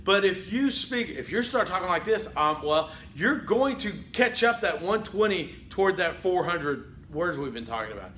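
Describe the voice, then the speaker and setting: Man, public speaking instructor, recorded lecture, bright voice, says okay a lot, roomy echo. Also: high voice, big pitch swings, a little hiss or hum. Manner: conversational, says "okay" often; acts out halting speech with fillers.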